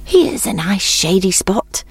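A woman's voice: medium pitch, very animated, slow pace, husky, no echo, heavily acted. A woman voicing a boastful, lazy male hare in a storybook reading, talking drowsily and smugly. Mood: drowsy smug. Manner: drowsy, smug.

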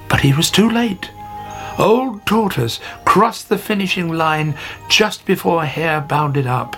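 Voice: mid-range voice, fairly bright tone. A narrator reading a children's fable aloud with expression. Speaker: storyteller.

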